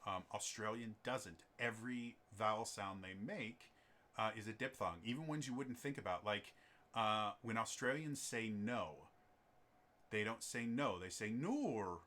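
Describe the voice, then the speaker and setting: A rambling man hosts his homebrew game on a stream. His voice sits fairly low yet sounds bright and forceful. He chats casually, full of ums and restarts. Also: a little slow.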